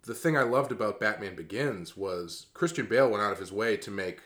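Male co-host, low voice, relaxed conversational delivery that trails off. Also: a little fast. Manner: relaxed, thoughtful, trailing off mid-sentence. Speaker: podcast co-host. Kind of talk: casual chat about a cartoon.

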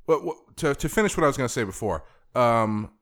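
A man's voice: mid-range voice, expressive, brisk, fairly bright tone. A man co-hosting a podcast, talking through a TV show in a thoughtful, rambling way. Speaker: podcast co-host. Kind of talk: casual TV discussion.

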